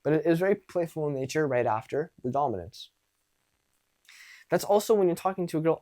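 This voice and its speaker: A man's voice: a little high, expressive, moderate pace, darkish tone. A young man coaching on dating and social skills in a casual monologue, blunt and profane, acting out exchanges as he talks.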